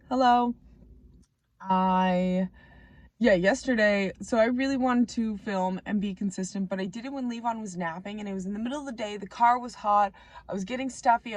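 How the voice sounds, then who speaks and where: A young woman with a naturally raspy voice, rambling and joking about herself in a casual vlog. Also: medium pitch, no echo. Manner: rambling, chatty, self-mocking. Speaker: vlogger. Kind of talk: casual chat to camera. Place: Canada.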